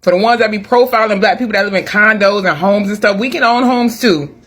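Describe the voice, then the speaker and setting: High-voiced man ranting at his phone. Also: a little fast, a bit bright. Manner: exasperated, emphatic, mocking. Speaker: social media commentator. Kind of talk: casual reaction rant.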